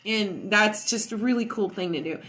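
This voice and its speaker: A woman chatting casually on a livestream from her home while high on cannabis, telling stories loudly and with lots of animation. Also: moderate pace. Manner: loud and animated storytelling. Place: at home indoors.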